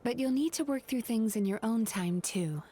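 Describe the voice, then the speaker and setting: A gentle dream therapist. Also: female voice, on the high side, animated, moderate pace, breathy edge. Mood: soothing. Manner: soft, gentle and soothing. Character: calm young woman dream therapist. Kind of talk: game voice acting.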